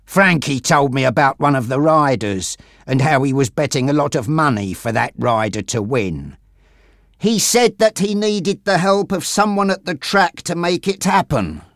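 A man's voice: a little high, animated, normal speed, a bit bright, no echo, clean studio sound, voice pushed up. A man voicing a bitter, brooding man in a wheelchair who bursts into screaming rage.

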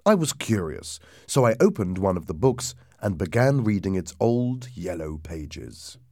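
A man narrating a ghost story aloud in a lively, dramatic reading that drops low and hushed for suspense. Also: a little slow, no echo, studio quality.

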